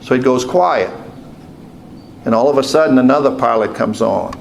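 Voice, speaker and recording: A man's voice: mid-range voice, normal speed, creaky, slight background noise. A man, a deacon telling a rambling story in a homily and repeating "he said" as he goes. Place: church.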